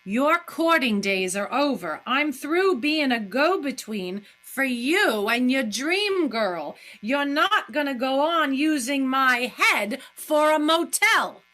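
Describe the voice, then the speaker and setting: Woman reading a scorned, indignant woman; higher, bright tone. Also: lively intonation, measured pace. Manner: indignant, serious. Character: scorned woman fed up with a man.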